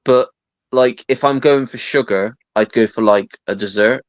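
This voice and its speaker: A man's voice: mid-range voice, moderate pace, no echo, highs cut off. A man co-hosting a livestream, chatting easily, laughing along and reading out viewer comments. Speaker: co-host. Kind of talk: casual chat.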